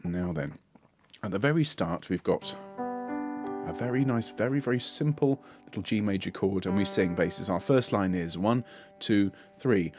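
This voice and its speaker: A man's voice: fairly low pitch, moderate pace, over music. Man leading a choir rehearsal, singing phrases. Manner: demonstrates sung phrases between spoken instructions; encouraging, patient. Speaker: choir director.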